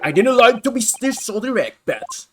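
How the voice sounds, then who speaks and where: A woman voicing a huge, gruff middle-aged male prison governor, speaking in a rough, menacing, suspicious way. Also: a little high, very animated, moderate pace, fairly bright tone, soft background music, voice pushed up. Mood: hostile. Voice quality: rough, gravelly put-on voice.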